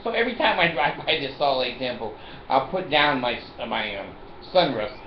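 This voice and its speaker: A man's voice: mid-range voice, very animated, moderate pace, slight background noise. An older man in a casual monologue to the camera, rambling and joking and laughing often. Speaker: vlogger. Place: at home in a chair. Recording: roomy, dull home recording.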